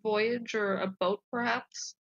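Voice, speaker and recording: A woman's voice: medium pitch, steady tone, slow pace, vocal fry. A woman playing a tabletop game, blunt and impatient in casual chat. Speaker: player. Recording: dull lo-fi sound.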